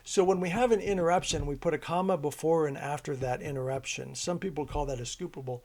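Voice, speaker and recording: A man's voice: on the high side, fast, darkish tone. A man teaching a homeschool grammar lesson, explaining it as a loose, conversational story with many restarts.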